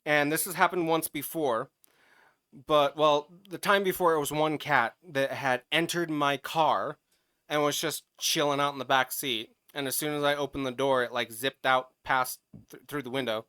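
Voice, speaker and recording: A man co-hosting a podcast, telling a story in casual chat, animated and profane, getting loud as he retells it. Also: on the high side, moderate pace, clean tone, no echo, clean studio sound. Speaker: podcast co-host.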